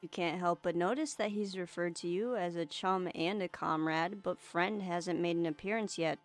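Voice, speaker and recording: A woman's voice: lowish voice, normal speed, soft background music. A woman hosting a let's play, reading a visual novel aloud and adding wry, dry asides.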